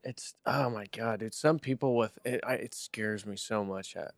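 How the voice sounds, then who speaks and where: A man's voice: fairly low pitch, normal speed, crowd noise. A man talking bluntly in a casual podcast chat, full of "like" and "dude". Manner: blunt, swears, says "like" and "dude" a lot. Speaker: podcast co-host.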